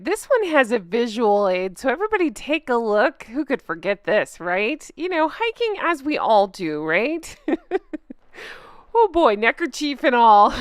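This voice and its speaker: A woman hosts her own commentary channel in a casual, mocking tone, laughing often as she goes. Her voice sits high and swings widely. She takes her time, and the recording is close and dry. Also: fairly bright tone, clear, resonant tone, dry recording. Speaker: YouTube commentary host.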